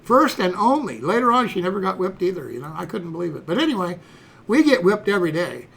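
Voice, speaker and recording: A man's voice: sits high, sing-song, quick pace, creaky, a bit bright, husky. A man in his sixties, a streamer telling a personal story in a rambling, folksy way, dropping "you know" and "okay" throughout. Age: 60s.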